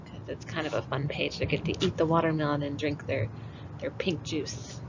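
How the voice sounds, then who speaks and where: A kindergarten teacher, a woman, reading a picture book aloud to children and walking them through it in an expressive way. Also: sits low, moderate pace. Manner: expressive, animated read-aloud. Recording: dull lo-fi with faint hiss.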